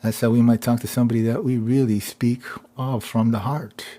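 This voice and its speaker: A man's voice: mid-range voice, steady tone, fairly quick, dark tone. A man hosting a live stream, talking in a rambling, repetitive monologue that keeps circling back to "it's true.". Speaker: livestream host.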